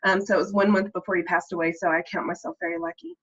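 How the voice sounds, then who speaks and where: A woman's voice: fairly low pitch, flat delivery, racing, fairly bright tone. A woman from Texas with a mild Texan accent, chatting earnestly on a video call and rambling with many ums. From Texas, USA. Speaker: meeting participant. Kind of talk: casual chat on a video call. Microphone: computer mic on a video call. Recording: slightly muffled call audio.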